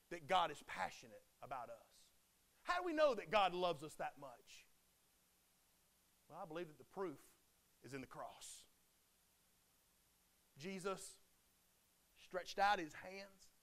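A man preaching a sermon, swinging between loud impassioned declarations and hushed, quiet drops. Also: sits high, animated, a little slow, long pauses.

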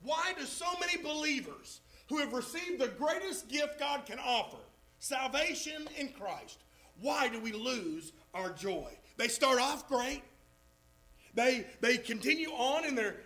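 High-voiced, slow, emphatic male preacher. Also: animated, bright, forceful tone, poor audio. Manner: emphatic, drawn-out stresses on key words. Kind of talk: sermon.

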